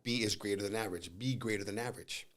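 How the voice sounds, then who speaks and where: A middle-aged man from Southern California chatting as a podcast guest. He talks at a brisk clip, swears freely and acts out the voices of people in his stories. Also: lowish voice, a crowd in the background. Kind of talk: casual chat.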